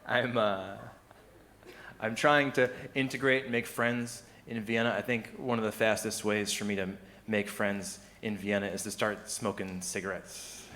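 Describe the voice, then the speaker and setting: A man's voice: on the low side, fairly even intonation, measured pace, bright, forceful tone. A man performing a stand-up comedy set, chatty and loose, chuckling at his own lines and putting on mock voices for the people he quotes. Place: live comedy venue with audience.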